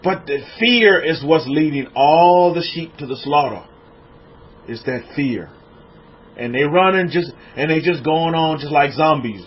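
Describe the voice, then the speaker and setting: An American man with a fairly high, expressive voice preaches casually and a little slowly to a livestream audience. The recording is muffled with slight background noise; he reads viewers' comments aloud and repeats his words as he builds his points in this informal sermon.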